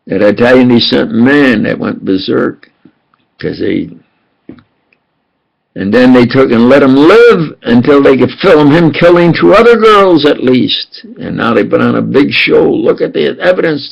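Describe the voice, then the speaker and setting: A man in his eighties in a rambling, aggrieved monologue, halting and repeating himself. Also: medium pitch, creaky, slightly rough, lo-fi sound. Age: 80s. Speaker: self-published speaker.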